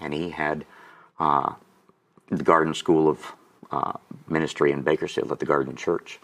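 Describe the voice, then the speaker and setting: Low-voiced guest in his 60s, emotional testimony storyteller who chokes up. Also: little pitch movement, moderate pace, creaky. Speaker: guest auctioneer.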